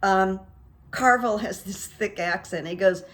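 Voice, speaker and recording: A woman's voice: medium pitch, expressive, normal speed, a bit bright. A middle-aged woman hosting her own channel, talking through the news in a chatty, opinionated monologue with asides and fillers. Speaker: host of a psychic commentary channel. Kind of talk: casual political commentary monologue.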